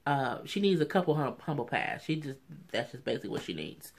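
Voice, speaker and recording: This vlogger's husky voice swings widely in pitch and moves a little fast while recapping a reality show in a casual, opinionated way. "You know what I'm saying" comes up often, and quotes are performed in a high, mocking voice.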